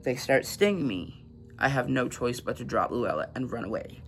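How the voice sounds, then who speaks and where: Reading passages aloud and chatting in a filler-heavy way, a male book vlogger recaps a novel casually and laughs at the grim parts. He speaks at medium pitch and normal speed with lively intonation, a creaky, fairly bright tone, and a little hiss or hum underneath.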